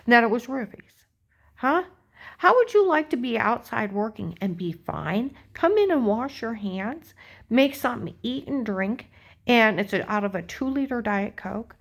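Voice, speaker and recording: A woman's voice: fairly high pitch, animated, normal speed. A woman talking in a rambling, agitated personal monologue, full of fillers and repeated check-ins. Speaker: vlogger.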